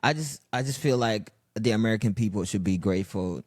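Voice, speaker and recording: Young guy from egypt guesting on a podcast, kinda low voice, laid-back, dry mic. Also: a little fast, no room sound. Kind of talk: casual chat.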